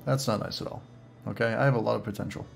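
A man's voice: fairly low pitch, steady tone, racing, gravelly, soft background music. A young man with a Boston accent, joking sarcastically through gaming commentary. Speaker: gamer.

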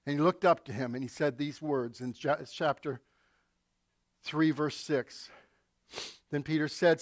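High-voiced preacher telling stories. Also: male voice, fairly even intonation, a little slow, long pauses, no room sound, studio quality. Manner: storytelling with acted-out quotes and asides to the congregation. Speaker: pastor. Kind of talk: sermon.

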